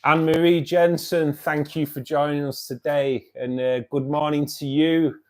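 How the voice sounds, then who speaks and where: A man's voice: a little high, level tone, moderate pace, darkish tone. A man with a Manchester accent hosting a live stream, chatting casually and greeting viewers by name as he reads their comments. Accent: Mancunian English. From Manchester area, England. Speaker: live stream host of a fish club. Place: home by his fish tank.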